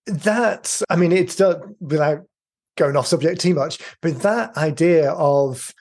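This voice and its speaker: A man hosting a business podcast interview, thinking out loud in long, winding questions. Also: fairly high pitch, slow pace. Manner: rambling, thinks aloud. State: voice going hoarse. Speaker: podcast host. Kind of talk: casual interview.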